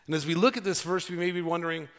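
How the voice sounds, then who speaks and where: A man preaching a sermon as pastor, earnest and conversational, with dramatic pauses. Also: on the high side, fairly even intonation, a bit bright.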